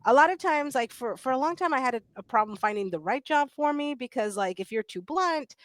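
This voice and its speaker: A woman's voice: sits high, lively intonation, a little fast, no echo. A middle-aged woman on a panel talking candidly over a video call, blunt and self-deprecating, laughing often. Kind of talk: candid conversational storytelling.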